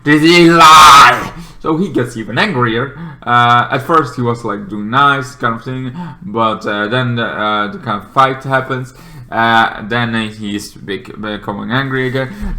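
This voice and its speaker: A man's voice: mid-range voice, sharp tone. A man reviewing a show in casual chat, rambling with lots of fillers. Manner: rambling, full of fillers and restarts.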